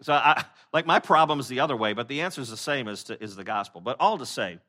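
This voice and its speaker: A man preaching with a bright, forward voice. His delivery is loose and chatty, full of "uh" and restarts, and he slips into little acted voices when he quotes someone. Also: medium pitch, animated, fast talker. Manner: conversational, many fillers and restarts; acts out quoted speakers in short voices. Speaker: pastor. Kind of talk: sermon.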